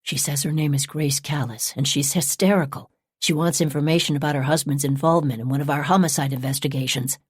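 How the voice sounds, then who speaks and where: A woman narrating an audiobook, voicing a male police sergeant who whispers quickly. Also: low voice, steady tone, slightly rough, no echo, studio quality, voice pushed down. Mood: urgent.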